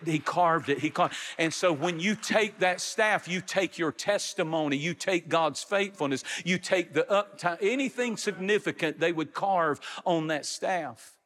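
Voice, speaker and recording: Middle-aged man, pastor. High, stirring sermon delivery in a reverberant church hall. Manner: preaching, rising to shouts, drawn-out phrases. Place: large church sanctuary. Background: congregation.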